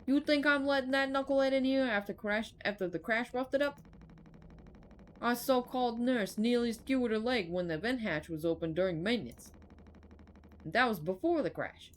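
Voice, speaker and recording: A woman's voice: on the high side, normal speed, a little hiss or hum, voice pushed up, natural voice. A woman voicing a bitter middle-aged male mechanic in a put-on accent, grumbling and scornful. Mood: gruff. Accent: put-on regional accent.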